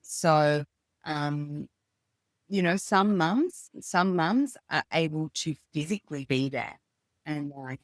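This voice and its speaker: A woman in her thirties talks on a podcast in a notably low voice. She is reflective and unhurried, thinking aloud between pauses. The sound is dry and close. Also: no echo. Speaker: podcast guest. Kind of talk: casual conversation.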